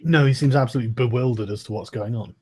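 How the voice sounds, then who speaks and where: A man's voice: mid-range voice, very fast, a little mellow, slight background noise. A man running a tabletop role-playing game as game master, narrating scenes and rulings.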